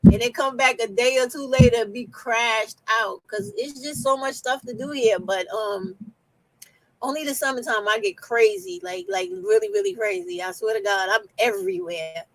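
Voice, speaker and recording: A woman with a New York accent hosts a casual conversation, speaking bluntly and directly and swearing without hesitation. Her voice sits a little high, and the recording is dry and close. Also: lively intonation, normal speed, dry recording, low-quality recording. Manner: blunt, outspoken, swears freely. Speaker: host. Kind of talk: casual chat.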